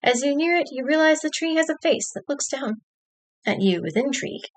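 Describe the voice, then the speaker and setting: A woman's voice: high voice, expressive, brisk. Wry woman reading an interactive story. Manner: wry, dry asides. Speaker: streamer.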